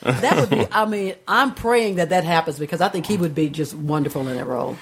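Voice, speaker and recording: A woman on a casual podcast chat, enthusiastic and emphatic, quick to agree. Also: sits low, animated, a little hiss or hum. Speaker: podcast co-host.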